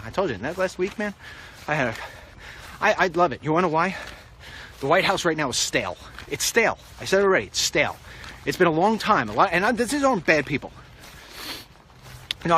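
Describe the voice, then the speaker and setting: Very animated and fast-talking, this middle-aged man has a voice on the high side that sounds pushed and bright, broken up by long pauses, with a little hiss or hum. A political vlogger, he rambles confidently through a walk-and-talk on a street, recorded on a handheld phone, talking to the president directly.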